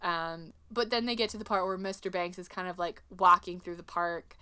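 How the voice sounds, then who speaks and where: Podcast co-host, woman, bright and crisp, chatty scene-by-scene film recap. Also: fairly low pitch, fairly even intonation, moderate pace. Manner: chatty, retells scenes with quoted voices. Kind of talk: casual movie recap chat.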